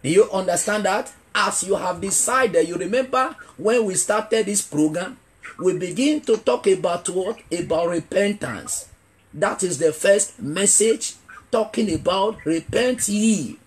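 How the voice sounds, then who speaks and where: A man's voice: sits high, expressive, measured pace. A man preaching a revival sermon as an evangelist, asking the congregation questions and repeating key phrases for emphasis. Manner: emphatic, builds to shouting.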